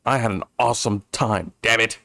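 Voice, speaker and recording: A man streaming a game talks in a loose, rambling way, trailing off and restarting while he chuckles to himself. His voice sits fairly low, and the recording is close and dry. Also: moderate pace, pushed and bright, no echo. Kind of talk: casual let's-play chat.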